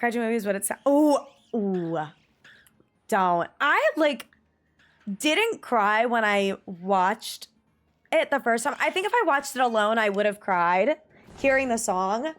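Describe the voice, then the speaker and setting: A woman's voice: on the high side, animated, measured pace. A woman streaming live, chatting casually with viewers and gushing emphatically, with the odd swear. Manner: gushing, emphatic, swears, reads chat aloud. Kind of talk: casual livestream chat.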